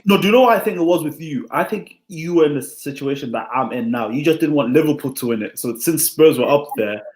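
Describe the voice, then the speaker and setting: A man in a casual chat, dropping quick, slangy interjections. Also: a little high, lively intonation, a little mellow. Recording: roomy echo.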